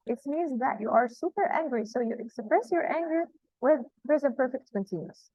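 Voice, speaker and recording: Higher-voiced woman teaching grammar, dry and dull. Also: lively intonation, dry recording. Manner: repeats rules slowly and with emphasis. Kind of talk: classroom grammar lesson.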